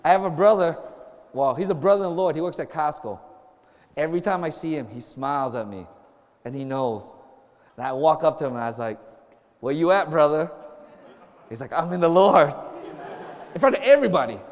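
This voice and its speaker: High-voiced man preaching in a hall. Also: animated, fast. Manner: chatty, joking, acts out little dialogues. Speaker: campus minister. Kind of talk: informal sermon to a group.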